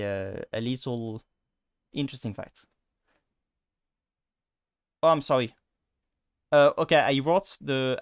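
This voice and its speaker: Man, French accent, pronunciation teacher, hesitant, filler-heavy, mid pitch, dry close sound. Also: smooth, no room sound. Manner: hesitant, many fillers and restarts. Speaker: language teacher. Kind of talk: casual pronunciation lesson.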